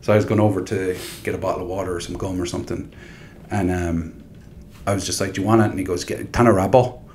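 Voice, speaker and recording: A man with a soft Galway Irish accent talks in a low voice, easygoing and chatty, chuckling now and then as he tells stories. A faint hum of noise sits behind him. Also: flat delivery, fast talker. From Ireland. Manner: laid-back storytelling, laughs often. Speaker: guest. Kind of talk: casual chat.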